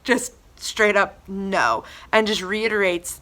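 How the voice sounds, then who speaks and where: A woman's voice: mid-range voice, moderate pace. A young woman giving a casual church devotional, reading scripture and then talking it through in a chatty way full of fillers. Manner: chatty, filler-heavy, animated retellings.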